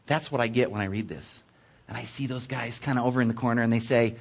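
A man preaching a sermon, reading scripture and explaining it with expressive storytelling asides. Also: mid-range voice, a little fast, husky. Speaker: preacher in children's ministry. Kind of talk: sermon teaching from Bible text.

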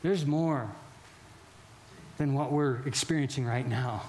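A male pastor preaching a sermon in an animated, emphatic way, often repeating and restarting phrases, and turning quieter for solemn stories. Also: mid-range voice, slow pace, a little hiss or hum.

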